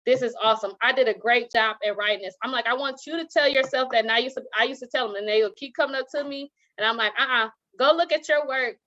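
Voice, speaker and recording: A woman, a teacher and author, talking as an interview guest, telling stories with lively acted-out quotes and frequent laughter. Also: fairly high pitch, fast talker, hardly any pauses, dull audio. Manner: animated storytelling, acts out quoted voices, laughs often. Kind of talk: casual interview talk.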